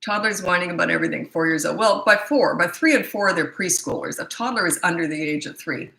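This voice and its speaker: Blunt, bright-voiced middle-aged woman. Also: fairly low pitch, fast talker, creaky, echoey room, poor audio. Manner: blunt, incredulous, mocking, laughs often. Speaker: parenting coach answering viewer questions. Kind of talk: live Q&A, casual and blunt.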